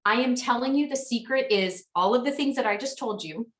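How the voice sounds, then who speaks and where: Leading a sales team call, this woman in her thirties talks fairly quickly, chatty and candid while encouraging her people. She sits well back from the mic in a heavily echoing room, her voice pitched a little high.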